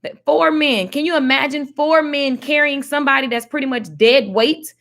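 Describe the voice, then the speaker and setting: A woman giving casual Bible teaching in a slangy, animated, preachy way. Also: sits high, moderate pace. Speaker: faith teacher.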